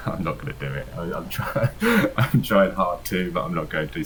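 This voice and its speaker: A man's voice: sits low, sing-song, normal speed, a little hiss or hum, low-quality recording. A man narrating as game master in a tabletop game, rambling with many fillers and frequent laughs.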